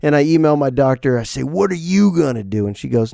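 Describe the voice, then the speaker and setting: A sick man hosts his podcast with his voice half gone, and a gravelly fry runs under every line. His pitch leaps all over the place as he jumps from squeaky highs to low grumbles in a rambling comic monologue. He is recorded close and dry, with no room sound. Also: a little fast, few pauses, no echo. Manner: animated, swings between high squeaks and low mutters. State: sick, voice partly lost. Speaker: podcast host.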